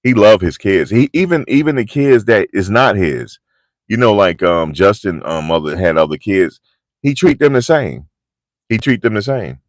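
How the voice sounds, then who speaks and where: Deep, lively-voiced man hosting a livestream. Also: moderate pace, no room sound. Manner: animated, slangy storytelling, reading out chat comments. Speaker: livestream host. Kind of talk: casual livestream commentary.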